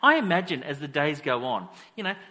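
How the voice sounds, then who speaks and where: A male pastor preaching in a church hall, telling the story with lively, swooping pitch and a bright, forceful tone. He acts out the characters as he goes. The voice rings with a long hall reverb. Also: fairly quick. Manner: animated storytelling, acting out the characters. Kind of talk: sermon.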